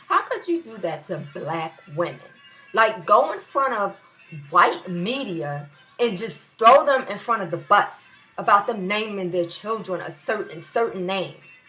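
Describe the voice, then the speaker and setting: Young woman, New York area accent, mid-pitched, fiery profane vlog rant, faint music underneath. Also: expressive, measured pace, bright, forceful tone. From US tri-state area. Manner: profane, emphatic, repeats phrases for emphasis. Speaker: vlogger. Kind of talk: heated ranting monologue.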